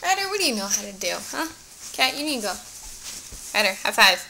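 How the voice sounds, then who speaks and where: A woman's voice: medium pitch, sing-song, a little fast, gravelly, background noise. A woman filming her dogs at home, coaxing them through tricks with short repeated commands. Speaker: pet owner. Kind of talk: home video talking to pets.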